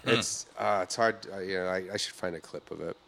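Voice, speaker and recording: A man's voice: low-pitched, a little fast, creaky, sharp tone. Rambling male podcast host telling stories. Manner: rambling storyteller who acts out quoted voices. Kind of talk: casual chat.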